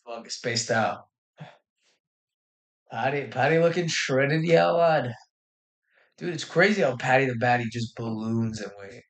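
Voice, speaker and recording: A man's voice: mid-range voice, unhurried. A young man hosting a casual fight-night livestream, talking in brash, swearing, slangy trash talk. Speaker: livestream host.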